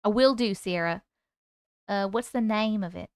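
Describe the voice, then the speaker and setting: A woman's voice: medium pitch, normal speed, long pauses, clean tone, no echo, studio quality. A woman with a New York accent hosting a casual livestream, chatting away, greeting viewers by name and swearing now and then. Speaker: livestream host and storyteller.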